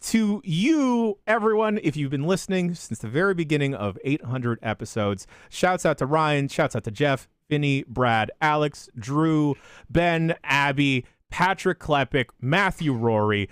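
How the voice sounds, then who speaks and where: A man hosting a podcast, reading a rapid list of listener shout-outs in a deadpan way with crude jokes. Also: smooth, dry recording, clean studio sound. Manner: deadpan delivery with sudden pitch jumps and crude jokes.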